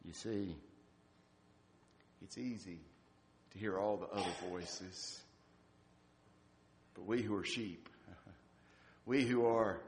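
Man preaching, lively then hushed. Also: low voice. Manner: storytelling, shifting from lively to hushed and reflective. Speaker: pastor. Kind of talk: sermon. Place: church sanctuary.

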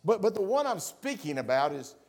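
A middle-aged man preaching a sermon, telling stories and swinging from loud declarations to hushed asides. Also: high voice, sing-song, a little fast. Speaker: pastor.

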